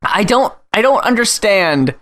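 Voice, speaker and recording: A man's voice: sits high, very animated, a little slow, bright, forceful tone. A young man hosting a podcast in casual chat, blunt and profane, acting out other people's reactions as he tells stories. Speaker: podcast host.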